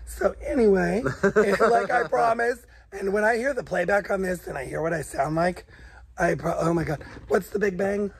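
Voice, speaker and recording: A middle-aged man from the United States, hoarse from coughing, chatting away on a vlog and laughing often. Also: high voice, moderate pace, crowd noise. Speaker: vlog co-host. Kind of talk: casual chat.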